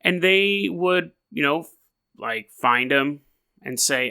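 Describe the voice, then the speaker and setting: Bright, rambling male podcast host. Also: medium pitch, unhurried, smooth. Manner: rambling, jokey asides. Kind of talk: casual storytelling podcast.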